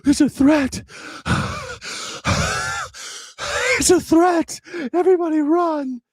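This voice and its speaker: Man doing a squealing, panicked crybaby with a high, strained voice. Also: slow pace, darkish tone. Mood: panicked whining. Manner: shrill, panicky. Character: hysterical whiny male political fan.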